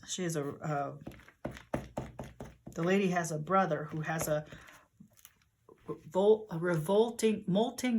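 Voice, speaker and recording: A woman's voice: fairly low pitch, a little hiss or hum. An older woman talking casually as she works on a journal, rambling and thinking aloud about her materials. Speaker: journaling vlogger. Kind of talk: casual crafting narration. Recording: paper crinkling heard in background.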